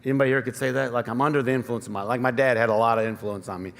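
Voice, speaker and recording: A man's voice: mid-range voice, fairly even intonation, very fast, vocal fry. A man in his thirties preaching a conversational, self-deprecating sermon with personal stories, in a Michigan accent. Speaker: pastor. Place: church sanctuary. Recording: long church reverb, faint ambience.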